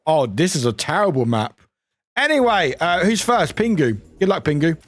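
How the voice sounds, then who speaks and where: Animated high-voiced streamer. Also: male voice, moderate pace, no room sound. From United Kingdom. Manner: animated and chatty, laughs often, exclaims loudly. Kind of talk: casual live-stream chat with viewers.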